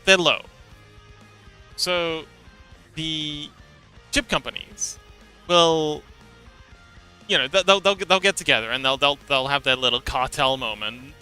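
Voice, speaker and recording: A man's voice: on the high side, sharp tone, smooth. A man livestreaming, explaining something in a rambling, casual way, repeating words and laughing now and then.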